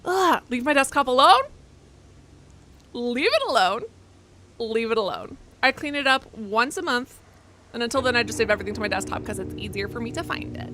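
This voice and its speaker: A young woman streamer chatting casually as she plays a horror game, rambling and poking fun at herself. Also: fairly high pitch. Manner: rambling, self-mocking, quick asides. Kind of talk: casual live-stream chat while playing.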